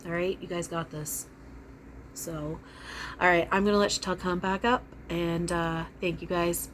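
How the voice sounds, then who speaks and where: Woman in trance as gentle male spirit guide: low, flat delivery, frank and reassuring. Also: unhurried, slight background noise, lightly acted. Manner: calm, blunt, encouraging. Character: deep-voiced male spirit, loving, reassuring. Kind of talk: trance channeling.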